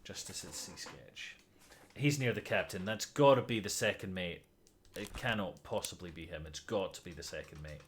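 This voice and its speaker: A man's voice: low-pitched, animated, moderate pace, slight background noise. A man streaming a detective game, thinking aloud in casual commentary, muttering, sighing and swearing when stuck.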